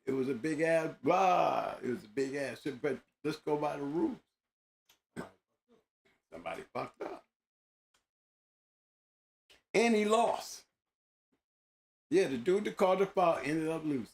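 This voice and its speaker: Man, host, casual monologue, emphatic, slangy, rough gravelly voice. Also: on the high side, lively intonation, normal speed, long pauses. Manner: emphatic, slangy, repeats himself.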